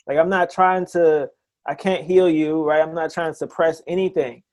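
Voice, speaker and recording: Eager chiropractor, a man with a slightly high voice. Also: fairly even intonation. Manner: enthusiastic, talks in quick bursts with many restarts. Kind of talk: casual interview.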